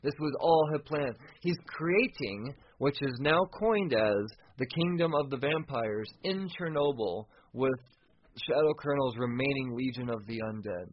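A man hosting a podcast, recapping a comic book casually, excitable and profane, often restarting sentences. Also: medium pitch, a little slow, lo-fi sound. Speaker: podcast host.

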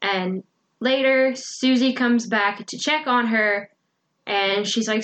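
A woman's voice: on the high side, slow pace, a bit bright. Chatty woman recapping a story. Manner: chatty, dramatic retelling with filler words. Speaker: podcast co-host recapping a book. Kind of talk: casual chat.

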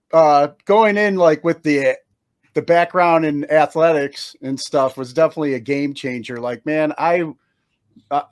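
Laid-back joking podcast host, man. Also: on the high side. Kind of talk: casual podcast chat.

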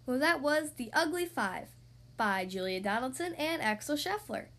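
A woman's voice: high voice, very animated, normal speed, fairly bright tone. A woman reading a rhyming children's picture book aloud in a playful, sing-song way. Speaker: storybook reader.

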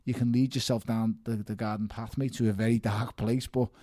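A man's voice: medium pitch, flat delivery, a little fast, mellow, no echo, studio quality. A man, talking emphatically in a casual interview, repeating himself and calling people mate. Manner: emphatic, repeats words, calls listener mate. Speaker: professional boxer, guest.

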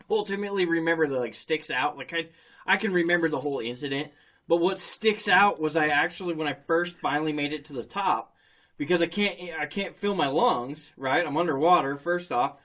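A man's voice: fairly high pitch, moderate pace. A man in casual chat, telling a story with heavy swearing and frequent laughter. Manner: profane animated storyteller, laughs often.

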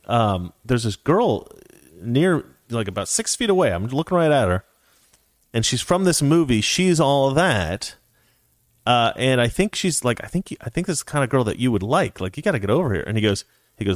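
Man, casual storyteller: lively, swooping delivery, acts out each voice, dry close sound. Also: medium pitch, brisk, no room sound. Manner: animated, acts out quoted voices, chuckles while telling. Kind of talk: casual anecdote.

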